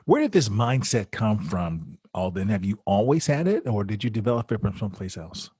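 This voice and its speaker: Male podcast host, measured interviewer, husky voice, dry close sound. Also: lowish voice, sing-song, dark tone, dry recording.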